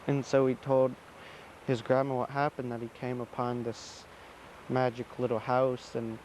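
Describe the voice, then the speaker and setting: A man's voice: mid-range voice, flat delivery, moderate pace, darkish tone, slight background noise, low-quality recording. A man from Alaska telling a traditional folk tale in a loose, repetitive, conversational way. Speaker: storyteller.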